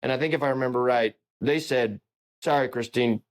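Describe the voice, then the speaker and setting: A man's voice: mid-range voice, fast. Male podcast host, casual storyteller, loose delivery full of restarts. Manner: rambling storyteller with many restarts. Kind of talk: casual interview conversation.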